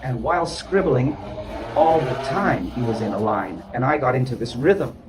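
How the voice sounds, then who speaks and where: A male therapist explaining ideas to a client in an emphatic, repetitive way, sometimes chanting rhythms out loud. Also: medium pitch, lively intonation, moderate pace, noisy background.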